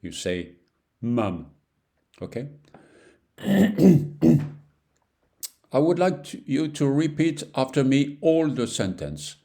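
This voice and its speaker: French-accented male teacher, slow and patient, dark low voice, beginners' lesson. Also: very animated. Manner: patient, repeats phrases, broken English.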